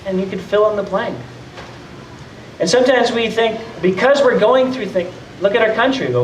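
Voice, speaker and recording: Conversational high-voiced male pastor, echoey hall. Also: lively intonation, normal speed, slight background noise. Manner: conversational, acts out doubters' voices. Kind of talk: sermon. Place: church hall. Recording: roomy echo, mic at a distance.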